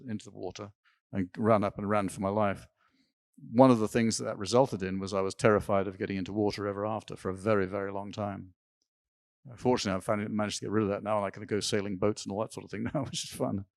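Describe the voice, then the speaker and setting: An older male interview guest spins meandering stories from his life, with the odd laugh and false start, at a symposium stage. He speaks in a lowish voice, and the recording is clean studio audio without echo.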